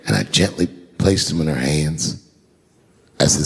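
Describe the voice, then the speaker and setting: A man telling stand-up comedy stories onstage at a large venue into a handheld mic, swinging between shouted punchlines and low, hushed asides. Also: a little slow, creaky, long pauses, breathy edge. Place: large performance venue on stage. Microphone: handheld stage mic. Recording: long hall reverb, faint noise.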